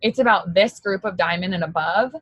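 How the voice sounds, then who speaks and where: A woman leading a sales team, giving a casual, emotional pep talk full of "like" and excited asides. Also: lowish voice, brisk, dry recording, low-quality recording. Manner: casual, chatty, mild swearing.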